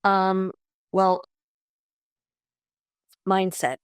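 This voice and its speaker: A woman's voice: mid-range voice, level tone, very slow, smooth, no echo, studio quality. A middle-aged woman from Long Island, a podcast guest talking in an enthusiastic, chatty way with many fillers. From Long Island, New York. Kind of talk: conversational interview.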